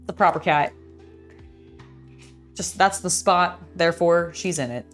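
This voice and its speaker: In her casual building vlog, the young LEGO builder and channel host rambles with plenty of fillers and speaks to her cat. She talks at a measured pace in a lowish voice, with faint music in the background.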